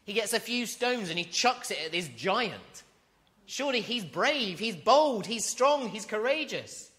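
Man, preacher, bright tone, earnest, rhetorical questions, emphatic rises. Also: sits high, big pitch swings, a little slow. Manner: earnest, rising to loud emphatic peaks; asks the congregation rhetorical questions. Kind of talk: sermon.

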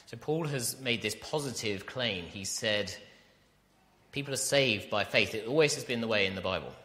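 A man preaching a sermon to a congregation, emphatic and animated, often asking his listeners questions. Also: mid-range voice, long reverb tail.

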